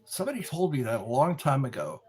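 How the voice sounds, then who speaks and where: A man hosting a rambling live stream, chatting slowly with viewers from a dark room lit by a candle. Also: medium pitch, wildly swooping pitch, slightly rough. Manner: slow, meandering, talks to viewers. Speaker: livestream host.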